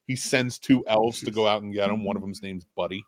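Low-voiced man pitching a slasher idea. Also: brisk, no echo. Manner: animated, swearing storyteller who acts out scenes. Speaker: podcast co-host. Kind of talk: casual chat.

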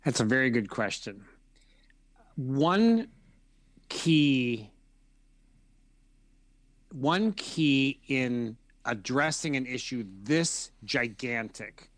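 A man answering an interview question, explaining feelings in a measured way and repeating phrases as he lists them. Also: medium pitch, expressive, no room sound. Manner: measured, repetitive listing of feelings. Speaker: guest expert.

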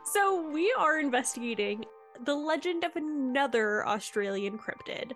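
A high-pitched woman co-hosting a chatty podcast. She talks in a loose, self-deprecating way and laughs easily. Faint music sits under her voice. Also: animated, moderate pace, a bit bright. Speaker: podcast co-host. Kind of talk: casual podcast chat.

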